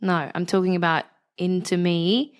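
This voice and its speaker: A young woman from the West Country of England with a West Country accent, talking candidly as an interview guest, animated and frank, swearing freely. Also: fairly low pitch, normal speed, smooth. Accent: West Country English.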